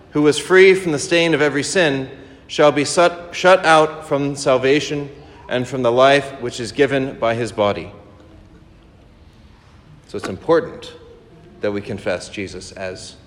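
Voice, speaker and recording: A man preaching a sermon. He reads a passage as a rhythmic string of rhetorical questions, then comments on it more quietly. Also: medium pitch, steady tone, a little slow, in a large hall.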